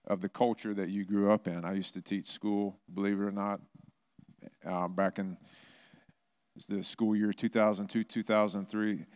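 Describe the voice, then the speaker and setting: Man preaching a storytelling sermon. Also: on the low side. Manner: conversational, storytelling, animated bursts. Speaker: pastor. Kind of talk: sermon with personal stories.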